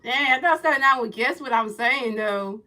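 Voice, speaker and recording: A woman livestreaming a baseball video game, giving playful play-by-play commentary, teasing her chat with repeated questions and sing-song pitch calls. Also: moderate pace, pushed and bright, low-quality recording. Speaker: gaming livestreamer.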